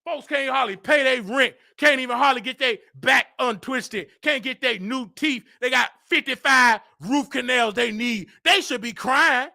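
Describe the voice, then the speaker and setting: A man hosting a comedy show, ranting with exaggerated indignation and bursts of shouting. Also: extremely high pitch, unhurried, gravelly, few pauses.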